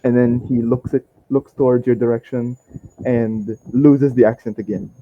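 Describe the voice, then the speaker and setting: A man's voice: medium pitch, flat delivery, normal speed, narrow, tinny audio, slight background noise. A man narrating a tabletop game as game master, rambling with many restarts and fillers.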